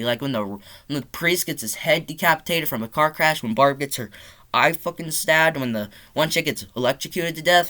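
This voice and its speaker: A young man talks from his bedroom in a bright, forceful voice, gushing about a movie he loves. His talk runs loose and rambling, full of "like" and casual swearing, in an unscripted review monologue. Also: medium pitch, brisk. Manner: excited, rambling, swears often, says "like" a lot.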